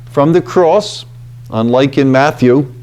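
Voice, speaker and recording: A man giving a reflective scripture talk at a retreat house, deliberate and emphatic, often checking in with "okay" and "you know.". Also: medium pitch, a little mellow, clear, resonant tone.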